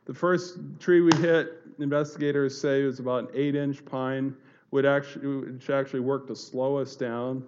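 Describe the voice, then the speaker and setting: A man's voice: medium pitch, little pitch movement, a little mellow, smooth. Earnest man telling his story, muffled. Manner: earnest, halting, with many fillers and restarts. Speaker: speaker giving a personal testimony. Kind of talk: earnest spoken storytelling to an audience.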